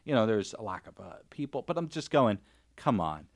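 A man co-hosting a casual podcast. He is a jokey storyteller with a mid-pitched voice, and he breaks into silly put-on voices to act out scenes. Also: expressive, fairly quick. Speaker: podcast co-host. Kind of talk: casual chat.

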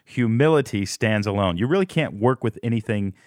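A man's voice: fairly low pitch, animated, brisk, dry recording, clean studio sound. A man hosting an interview, asking conversational questions and quoting from the guest's book. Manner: conversational, reads quotes from the book. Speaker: interview host.

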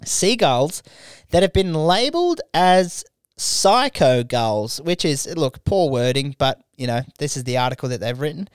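A man's voice: a little high, very animated, unhurried, smooth, no room sound, clean studio sound. A man co-hosting a casual comedy podcast, joking loosely and swearing freely. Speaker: podcast co-host.

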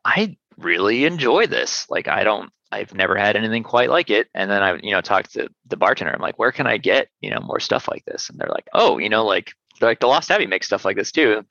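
Gravelly, bright-voiced man, laid-back and profane. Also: lowish voice, very animated, fairly quick, hardly any pauses, no room sound, muffled recording. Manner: loose and profane, many fillers. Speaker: sour beer brewery owner, guest. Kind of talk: casual interview chat.

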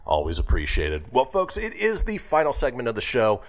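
A man's voice: mid-range voice, wildly swooping pitch, moderate pace. A man hosting a radio show, chatting casually and laughing as he reads out a history segment.

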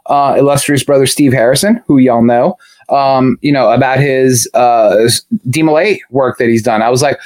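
A man's voice: mid-range voice, normal speed, a little mellow. A man co-hosting a podcast in casual chat, talking in a chatty, storytelling way with slangy asides. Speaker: podcast co-host.

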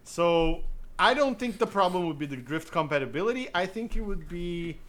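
A man's voice: sits high, lively intonation, moderate pace, a bit bright. A man co-hosting a casual podcast, talking through his ideas in a rambling, hesitant way. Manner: rambling, hesitant explanations with fillers. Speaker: podcast co-host. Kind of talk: casual banter.

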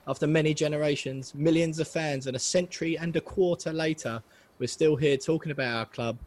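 A man from England hosting a football podcast, reading a formal intro and then chatting briskly with his co-hosts. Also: medium pitch, darkish tone, slight background noise. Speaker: podcast host. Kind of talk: casual chat with scripted intro.

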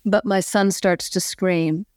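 A woman's voice: fairly low pitch, slow, no echo. Middle-aged woman telling a story, lots of you knows, dry close mic. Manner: earnest, animated retelling with many "you know" fillers. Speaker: podcast guest. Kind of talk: personal storytelling in conversation.

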